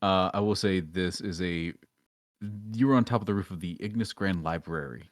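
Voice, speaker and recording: A man running a tabletop game as dungeon master, describing scenes in a relaxed way with many fillers. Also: low-pitched, moderate pace, dry recording, clean studio sound.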